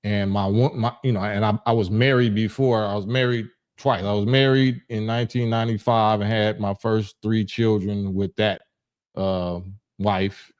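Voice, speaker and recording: A man's voice: fairly low pitch, fairly even intonation, normal speed, darkish tone. A middle-aged man from Los Angeles hosting a livestream call-in, talking bluntly in casual street slang with frequent restarts. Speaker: livestream host.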